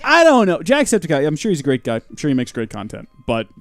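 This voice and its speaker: A young man streaming a game live, rambling and joking with his chat in a fairly high voice that swings up and down a lot. He breaks into mock shouts now and then. The mic is close and dry, with faint game music under him. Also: huge pitch swings, fast talker, no room sound. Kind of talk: live gameplay commentary.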